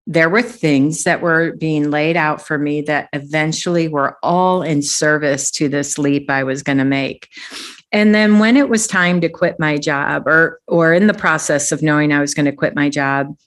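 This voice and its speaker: Low-voiced middle-aged woman telling her story. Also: fairly bright tone. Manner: reflective, conversational, laughs easily. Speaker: guest, executive coach. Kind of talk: casual interview storytelling.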